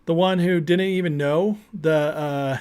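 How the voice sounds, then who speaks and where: A man's voice: on the high side, steady tone, unhurried, a little mellow, clear, resonant tone. A man hosting a political commentary show, ranting emphatically and indignantly, often repeating words.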